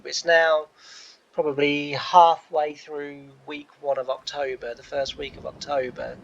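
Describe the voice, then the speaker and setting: A man's voice: medium pitch, creaky, a bit bright, highs cut off. Rambling man narrating a farming sim. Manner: rambling, many fillers and restarts. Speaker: let's play host. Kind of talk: casual in-character farming sim commentary.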